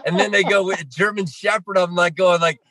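Rambling excitable man on a video call. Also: sits high, a little fast, no room sound. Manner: rambling, excitable, acts out quotes. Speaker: guest. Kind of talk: casual chat.

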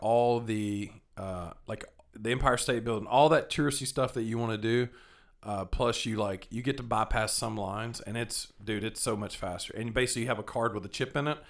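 A man's voice: mid-range voice, a little fast, creaky. A young man with a rambling, casual way of telling travel stories, restarting his sentences and cursing now and then. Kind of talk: casual storytelling chat.

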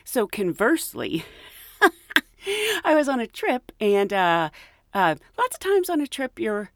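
A woman podcast host tells casual stories in an animated, giggly way. Her pitch swoops widely as she acts out other people's lines. The sound is dry and close. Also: slow pace, no echo. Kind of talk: casual storytelling.

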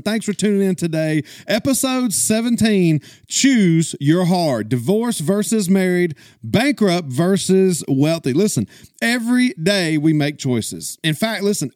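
A middle-aged man, hosting a podcast as a pastor and coach, energetic and preachy, often saying "listen" and "guys". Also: high-pitched, dry recording, clean studio sound. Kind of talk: podcast monologue.

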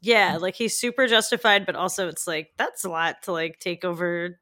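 A woman's voice: on the low side, moderate pace, bright, forceful tone. A woman co-hosting a podcast, chatting casually about a movie in a rambling way, with lots of fillers. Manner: rambling, many "like" fillers, frequent laughter. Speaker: podcast co-host. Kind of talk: casual movie review chat.

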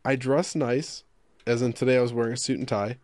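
A man's voice: medium pitch, steady tone, brisk, a little mellow, no echo. A young man co-hosting a casual radio chat, rambling and self-deprecating as he jokes. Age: young adult. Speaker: co-host.

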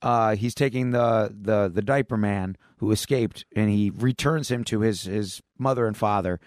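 Retelling a comic storyline on a podcast he co-hosts, this man talks casually and rambles, restarting often and leaning on fillers. His voice sits fairly low and moves at a normal speed, recorded in studio quality without echo.

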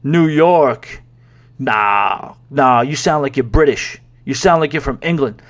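A man imitating a nosy, pushy male gambler who needles him with insistent questions, at a slightly raised pitch. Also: animated, moderate pace, fairly bright tone. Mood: needling.

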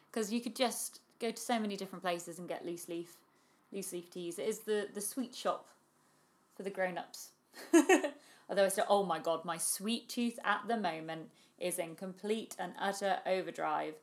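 Chatty giggly woman. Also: mid-range voice. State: pregnant. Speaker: podcast co-host. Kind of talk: casual chat.

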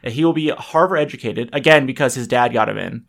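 A man's voice: medium pitch, quick pace, gravelly, a bit bright. Rambling, laughing podcast host man. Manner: rambling, self-interrupting, laughs often. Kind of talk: casual podcast chat.

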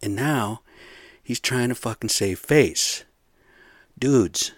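A man's voice: medium pitch, slow pace, no echo, clean studio sound. A man hosting a solo podcast, ranting in a profane, rambling, heated way from his bedroom. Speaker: podcast host.

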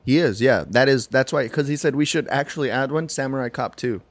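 A man's voice: mid-range voice, a little fast, no room sound. Laughing, joking man on a dry mic. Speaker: podcast co-host. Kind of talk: casual chat.

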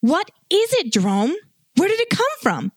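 A woman's voice: high-pitched, huge pitch swings, normal speed, no echo, clean studio sound. A woman playing an eager, curious aging sailor. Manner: urgent, pleading questions. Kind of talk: audio drama acting.

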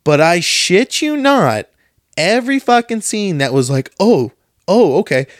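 A man's voice: sits high, unhurried, no echo, clean studio sound. A young man chatting casually as a podcast co-host, telling stories with lots of swearing and animation. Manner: profane, animated storyteller. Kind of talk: casual chat.

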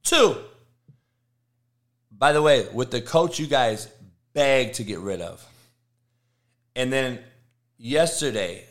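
A man's voice: mid-range voice, expressive, takes it slowly. A middle-aged man, a football coach hosting a live show, ranting about sports in heated, profane bursts. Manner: profane, heated, shouting rants. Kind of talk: live motivational sports rant.

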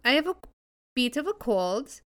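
A woman's voice: high-pitched, sing-song, normal speed, a bit bright. A woman doing a brash, slangy butcher. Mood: boastful. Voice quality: put-on Australian-style accent, slangy and bold. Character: brash female meat butcher, boastful and cheeky. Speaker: player.

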